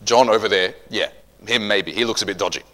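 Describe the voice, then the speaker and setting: A male preacher voicing a brash, boastful apostle in a quiet, offhand, cocky way. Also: fairly low pitch, a little fast.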